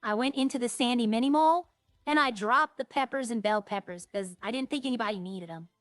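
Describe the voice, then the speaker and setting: A woman with a slightly high voice chats casually as she streams a game, rambling and thinking aloud. Her voice sounds close and dry, with faint music underneath. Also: a little fast, no room sound. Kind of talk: casual gameplay chat.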